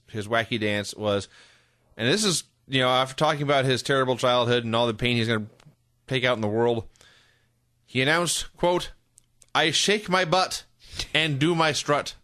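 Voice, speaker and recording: Male co-host, casual chat, dry delivery, bright timbre. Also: medium pitch, lively intonation, brisk, dry recording. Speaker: podcast co-host.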